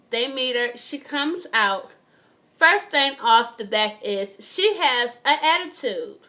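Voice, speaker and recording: A woman's voice: high-pitched, sharp tone. A young woman, giving a casual, indignant TV review and swearing freely. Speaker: vlogger.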